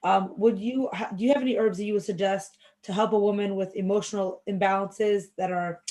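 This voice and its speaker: Woman moderator, video call, reading questions, chatty, mid-pitched. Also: fairly even intonation, brisk, warm tone, poor audio. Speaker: event moderator.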